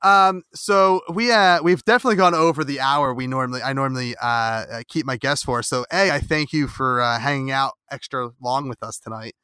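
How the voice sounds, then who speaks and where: A man's voice: medium pitch, fairly quick, hardly any pauses, sharp tone, clear, resonant tone, no echo, clean studio sound. A man with a Philadelphia accent hosting a casual interview, rambling with many fillers and restarts, with a slightly nasal O. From Philadelphia area. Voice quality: nasal O vowel. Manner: rambling, many fillers and restarts, laughs while telling stories. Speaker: podcast host.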